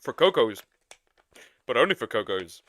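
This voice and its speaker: A man streaming casual reaction commentary, laughing often and speaking in an animated way. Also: mid-range voice, normal speed, no room sound.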